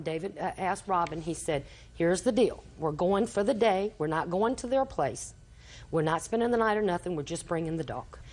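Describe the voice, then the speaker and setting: An older grandmother testifies in a TV courtroom, rambling through a long family story in an everyday voice. She slips into the quoted words of each person she mentions as she goes. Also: medium pitch. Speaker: litigant, grandmother.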